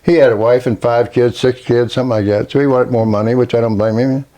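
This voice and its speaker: An older man with a Kentucky accent, a Navy veteran telling his story in a slow, plainspoken, halting way during an oral history interview. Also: mid-range voice, fairly even intonation, warm tone.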